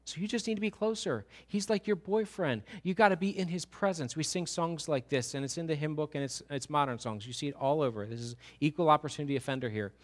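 A middle-aged man preaching a sermon, animated and acting out little voices of churchgoers to make his points. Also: on the high side. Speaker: pastor.

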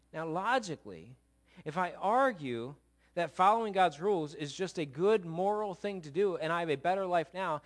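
Man, pastor, high voice, sermon, emphatic and then hushed. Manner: dynamic preaching, swinging from loud emphatic exclamations to low quiet asides.

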